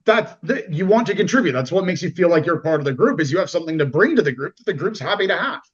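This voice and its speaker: Animated man acting out quoted voices. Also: on the high side, fast, breathy edge, highs cut off. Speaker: podcast guest. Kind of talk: casual conversation.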